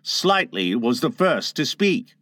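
A man reading a children's novel aloud as an audiobook narrator, with expressive delivery. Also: mid-range voice, takes it slowly, no echo.

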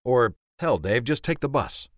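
A man voicing a wry, gruff garage owner who talks in a drawling, bargaining way in an audiobook. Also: mid-range voice, animated, a little slow, dry recording, clean studio sound, voice pushed up, natural voice. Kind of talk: audiobook character voice.

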